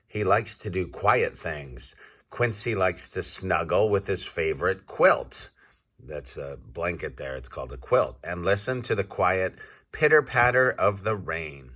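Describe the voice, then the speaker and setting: A man reading a picture book aloud to young children, slow and deliberate, pausing to quiz his listeners. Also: sits low, pushed and bright. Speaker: children's story reader. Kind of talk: read-aloud storybook for kids.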